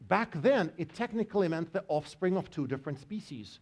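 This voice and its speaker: A man's voice: high-pitched, lively intonation, a little fast, a little mellow. A man giving a university biology lecture, joking with his students as he explains. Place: lecture hall.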